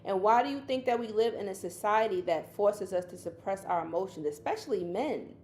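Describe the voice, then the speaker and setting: A woman's voice: medium pitch, expressive, fairly quick, darkish tone, slight background noise. A woman teaching casually on a livestream, chatty and colloquial, who calls listeners baby. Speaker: spiritual teacher hosting a livestream.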